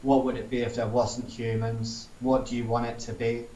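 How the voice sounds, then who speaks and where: A man's voice: mid-range voice, normal speed. A man, chatting casually and acting out the people he retells. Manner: animated storytelling, acts out quoted people. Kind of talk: casual chat. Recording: roomy, distant mic with faint ambience.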